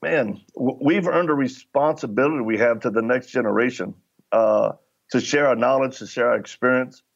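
Gravelly middle-aged man telling stories. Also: mid-range voice, normal speed, highs cut off. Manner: acts out dialogue while telling anecdotes. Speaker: podcast guest. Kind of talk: conversational storytelling.

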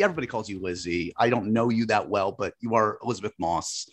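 A fairly low-voiced man hosting a podcast. He talks in a loose, chatty way, stumbling over words and restarting sentences, and jokes about himself. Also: fast talker, soft background music. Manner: chatty, self-deprecating, many fillers and restarts. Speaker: podcast host. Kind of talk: casual podcast chat.

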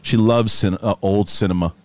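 A man's voice: fairly low pitch, steady tone, normal speed. A man hosting a podcast, chatting casually in a rambling way with frequent laughs and restarts. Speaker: podcast host. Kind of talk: casual chat.

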